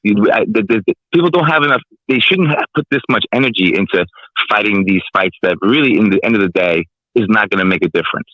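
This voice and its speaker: A man's voice: lowish voice, lively intonation, quick pace, dry recording, dull audio. A man calling into a podcast, giving blunt opinions in a matter-of-fact way. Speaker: caller. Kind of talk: casual call-in chat. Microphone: phone line.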